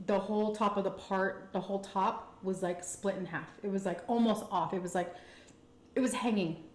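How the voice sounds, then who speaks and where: A woman with a Texan accent telling a candid, chatty personal story to her viewers, full of fillers and animated retellings. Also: medium pitch, moderate pace, reverberant. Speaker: food vlogger telling a story. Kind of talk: casual storytime chat.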